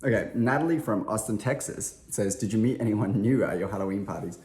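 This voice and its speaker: A low-pitched man chats through fan questions, loose and self-deprecating, with plenty of "like" and "um". He sounds slightly under the weather. The room around him is echoey. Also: a little fast, darkish tone. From Australia. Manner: chatty, self-deprecating, lots of filler words. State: slightly unwell. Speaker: interviewed musician. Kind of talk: casual interview chat.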